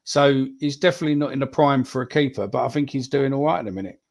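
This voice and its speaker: A man's voice: medium pitch, quick pace, vocal fry, a little mellow. A man, hosting a casual live podcast chat, swearing freely as he reads out viewer predictions. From England. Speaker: podcast host.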